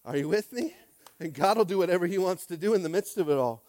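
A male pastor with a high voice, preaching a lively sermon that jumps from shouted calls to quiet, chatty asides. He talks plainly and casually, stumbling over restarts and often asking "are you with me?" The sound is close and dry, with no room echo. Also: fast talker. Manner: calls for response from the congregation; casual, conversational phrasing with frequent restarts.

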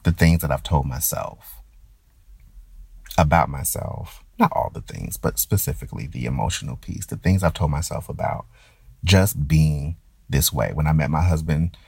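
Deep gravelly man, halting and reflective. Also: darkish tone, no room sound. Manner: hesitant, restarts and stammers. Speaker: performer. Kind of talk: reflective personal monologue.

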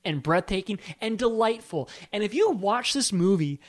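A man chatting casually about a film, animated and prone to digressions and self-deprecating asides. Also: sits high, moderate pace.

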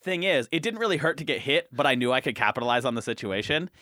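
A young man with a bright, forceful voice tells a story in casual podcast chat. He acts out the people in it with big jumps in loudness and pitch. The sound is dry and close, with no room echo. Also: fast. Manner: animated storyteller, acts out quotes loudly. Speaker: podcast co-host.

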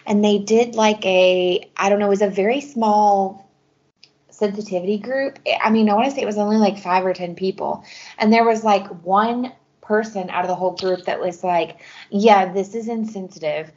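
A woman co-hosts a casual book podcast and states her opinions bluntly. Her voice sits at a middle pitch. The audio is dull and lo-fi. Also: moderate pace, darkish tone. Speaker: podcast co-host.

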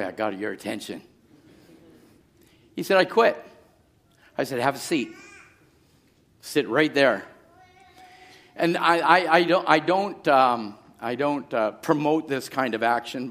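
A middle-aged pastor preaching a sermon, moving from quiet storytelling to shouted exhortation. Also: male voice, medium pitch, animated, measured pace, pauses often.

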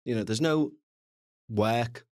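A man's voice: mid-range voice, slow, darkish tone, dry recording, studio quality. A man hosting a podcast in a casual, rambling way, full of self-mocking, playful asides, recorded in a small windowless carpeted room. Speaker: podcast host.

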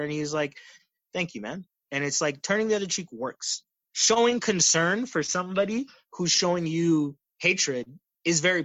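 A man's voice: on the high side, a bit bright, no echo. A young man telling stories in a casual, earnest talk, acting out the quoted exchanges. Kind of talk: casual conversational storytelling.

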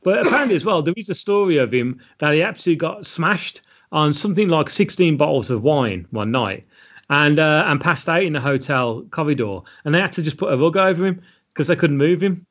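Man, podcast co-host, slightly higher voice, matter-of-fact trivia delivery, muffled lo-fi recording. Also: expressive, brisk, a bit bright. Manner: reads out film facts, dry and matter-of-fact. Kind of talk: casual film podcast chat. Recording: dull lo-fi sound.

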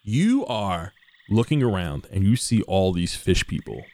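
A man's voice: sits low, very animated, unhurried, darkish tone. A young man narrating as game master, casual and swearing, with lots of fillers.

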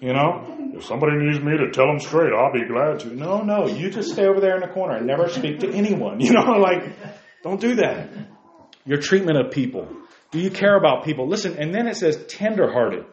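Male pastor, slightly high voice, chatty sermon delivery, dull lo-fi sound in a roomy church. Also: big pitch swings, a little fast, crowd noise. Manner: conversational, asks the congregation questions.

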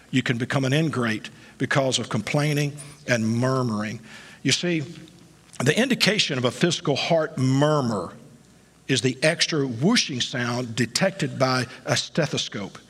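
A male pastor preaching a sermon, with emphatic delivery that swings between quiet asides and loud peaks, recorded in a church. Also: mid-range voice, slightly rough. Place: church sanctuary. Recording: long church hall reverb.

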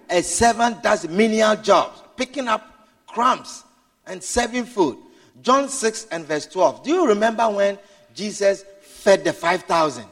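In this sermon, a high-voiced man shifts from hushed narration to shouted outbursts, repeating words and sprinkling in amen and hallelujah. A long hall reverb hangs on the sound.

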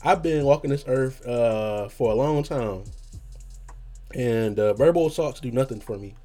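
A man hosting his own show, telling a rambling casual story with a just-woken hoarse voice and a habit of saying "you know what I'm saying". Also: medium pitch, measured pace, mellow. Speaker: podcast host.

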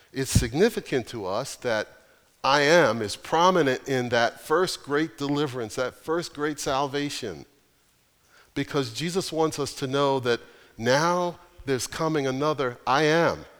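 A male pastor preaching an earnest, emphatic sermon with deliberate pauses. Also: medium pitch, fairly bright tone, big-room sound.

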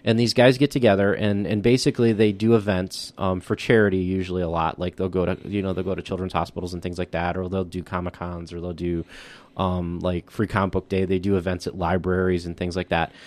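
Deep-voiced easygoing podcast co-host man. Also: little pitch movement, fairly quick, darkish tone. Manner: easygoing, lots of "like" and "you know". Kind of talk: casual chat.

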